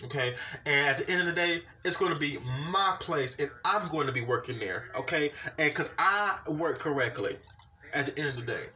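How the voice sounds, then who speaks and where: Young man, animated vlog rant, bright voice, recorded from a distance. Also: fairly high pitch, normal speed. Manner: animated, repetitive, keeps saying "you know what I'm saying". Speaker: vlogger. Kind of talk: ranting personal vlog.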